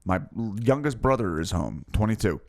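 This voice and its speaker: Man, low voice, comedian, dark deadpan storytelling, swears a lot. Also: normal speed, gravelly. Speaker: comedian podcast co-host. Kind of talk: casual storytelling chat.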